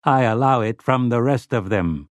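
A man's voice: mid-range voice, normal speed, no echo, close to an everyday voice. A man voicing a complacent, prissy male robot servant with a silky edge in a storybook reading, in a dry room. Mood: resentful.

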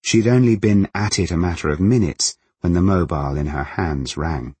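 A man narrating a novel in a measured, even manner. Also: deep voice, breathy edge, no room sound. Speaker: audiobook narrator.

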